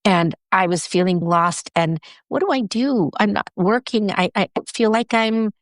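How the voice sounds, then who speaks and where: A woman guest in an interview, telling her story in an animated way and acting out what people said with big jumps in her voice. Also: measured pace, no room sound, clean studio sound. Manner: animated, acts out quoted speech with big pitch jumps. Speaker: guest, writer and director.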